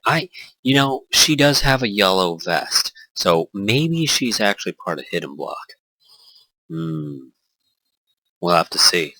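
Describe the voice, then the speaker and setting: A man hosting a let's play and joking through a visual novel, often correcting himself. His voice is fairly low, with a lively pitch and a bright tone. He laughs often. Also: takes it slowly, dry recording, low-quality recording. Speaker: host.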